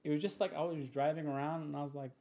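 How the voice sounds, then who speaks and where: A young man, a podcast guest, telling a story in casual chat, animated and acting out the voices of others with quick restarts. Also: fairly high pitch, a little hiss or hum.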